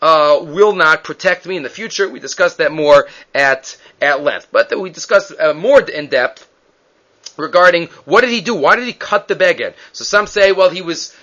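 A man's voice: on the high side, moderate pace, a bit bright. A man teaching a Bible class, retelling the story with animation and acting out the quoted speakers. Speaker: Torah teacher. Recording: dull lo-fi recording.

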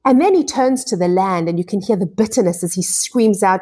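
A woman's voice: mid-range voice, animated, fairly quick, few pauses, dark tone, husky. A woman teaching a Torah lesson, explaining each verse and restarting phrases as she goes. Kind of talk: scripture lesson.

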